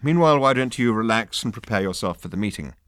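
A man doing a smooth, formal starship official. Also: lowish voice, animated, fast talker, a bit bright, dry recording, clean studio sound. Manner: polished, formal, unruffled. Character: Zani Whoop, smooth formal male official.

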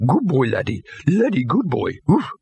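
A big, friendly, not very bright dog, as a male narrator puts him on yelps and barks with eager joy. The sound jumps well above the reader's normal pitch and comes out loud and simple. It is recorded dry and close. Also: wildly swooping pitch, moderate pace, creaky, slightly rough, no echo, exaggerated voice. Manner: barking, eager, simple-minded.

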